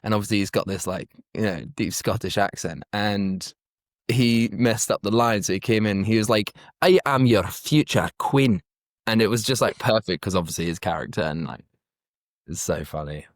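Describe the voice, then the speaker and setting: A British actor in a casual interview, laid-back and joking, with lots of "kind of" and "like". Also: male voice, on the low side, moderate pace, dry recording, clean studio sound. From Britain. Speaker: actor guest.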